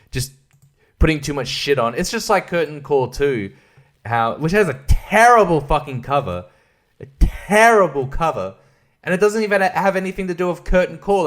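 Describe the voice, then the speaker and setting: A man's voice: mid-range voice, fairly bright tone. A man giving a casual, sweary, sarcastic album review, often laughing at his own jokes. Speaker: music reviewer.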